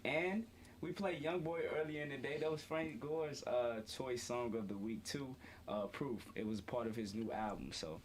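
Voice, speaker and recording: A young adult man hosts a student sports talk show in a student media studio, playful and correcting himself as he often calls out to the audience. His voice is a little high, with slight background noise.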